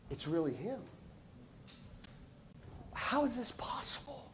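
A male pastor delivering a sermon in an emphatic, conversational way, swinging between loud lines and hushed ones. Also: on the high side, expressive, a little slow.

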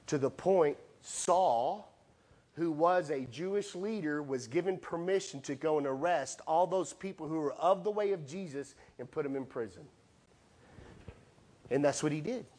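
A male preacher with a fairly high voice delivers a sermon. He tells the story in a lively way, swinging from loud bursts to hushed asides and acting out the voices.

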